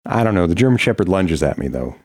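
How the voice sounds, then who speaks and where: Deep, dark-voiced laid-back man. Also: big pitch swings, fast talker, slightly rough, no room sound. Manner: laid-back, dry, swears casually. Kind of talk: casual chat.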